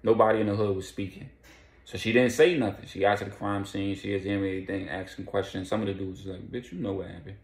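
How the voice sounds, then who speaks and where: A man casually recapping a crime storyline in loose street slang, now and then voicing quoted lines in quick bursts. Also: on the low side, little pitch movement, echoey room.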